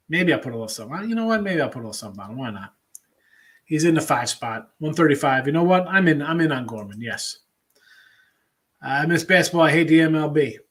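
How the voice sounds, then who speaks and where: A man's voice: a little high, a bit bright. A middle-aged man hosting a live sports betting show, chatting loosely with viewers and rambling as he thinks aloud. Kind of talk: casual live-stream chat.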